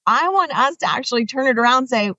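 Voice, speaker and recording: Animated woman guest, distant dull mic. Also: fast, no room sound. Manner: animated, earnest, rises in pitch when making a point. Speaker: author guest. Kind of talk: interview conversation.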